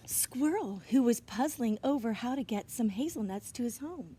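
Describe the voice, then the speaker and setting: A woman reading a children's storybook aloud outdoors, gentle and expressive, sometimes dropping into whispered asides. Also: on the high side, a little slow, husky. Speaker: reader. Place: outdoors in winter. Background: birds chirping.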